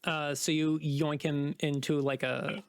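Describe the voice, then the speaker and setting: A man's voice: fairly high pitch, level tone, measured pace, smooth, no room sound, clean studio sound. A man running a tabletop game as dungeon master, narrating casually with fillers.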